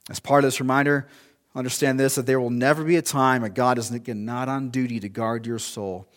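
A man's voice: medium pitch, steady tone, fairly quick. A male pastor preaching a sermon in a conversational, storytelling way, with asides and restarts.

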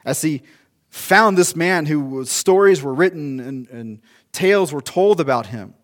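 A man's voice: fairly high pitch, lively intonation, a little slow, a bit bright. Man preaching a conversational sermon. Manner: conversational, storytelling with restarts and asides. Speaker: pastor.

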